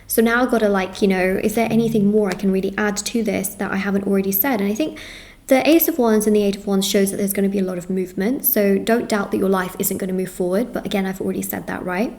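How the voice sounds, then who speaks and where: Reading tarot for her audience, a woman speaks in a mid-range, darkish voice with fairly even intonation. She sounds earnest and reassuring, says things more than once, and moves through lists in fast runs.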